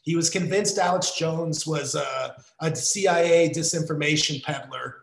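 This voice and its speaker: An American man in casual conversation, talking haltingly with many fillers and restarts. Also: on the high side, vocal fry, roomy sound, crowd noise, poor audio. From United States.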